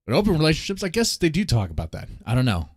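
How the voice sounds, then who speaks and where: A man's voice: on the high side, huge pitch swings, racing, husky, dry recording, clean studio sound. A man hosting a casual live stream, ranting bluntly and laughing often as he comments. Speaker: streamer host.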